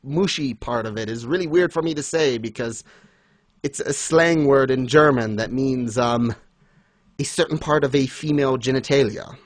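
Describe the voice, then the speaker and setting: A man casually chatting as co-host, animated and quick to laugh, acting out lines he retells. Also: mid-range voice, no echo. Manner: animated, laughs often, acts out quotes. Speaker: podcast co-host. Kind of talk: casual fan discussion.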